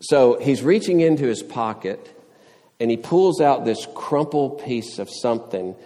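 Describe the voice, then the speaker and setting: Slow, earnest preaching man in reverberant hall. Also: medium pitch, lively intonation, mellow. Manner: earnest preaching with rising emphatic questions, uses homely illustrations. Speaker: pastor. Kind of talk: sermon.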